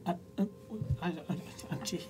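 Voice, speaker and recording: A man's voice: normal speed, noisy background. A man, a player in a tabletop game, talking in character, stammering and restarting in a flustered way. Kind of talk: in-character tabletop role-play.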